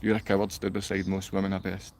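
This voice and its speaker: A man's voice: sits low, completely flat delivery, fast, a little mellow, slight background noise. A man livestreaming, reading comments from his chat aloud and answering them with a confrontational, insulting rant. He sounds downcast.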